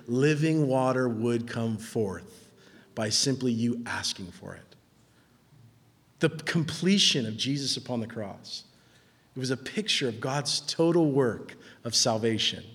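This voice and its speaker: A man preaching a sermon in a casual, animated way, acting out quotes in lively voices. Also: medium pitch, measured pace. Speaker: pastor. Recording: long hall reverb.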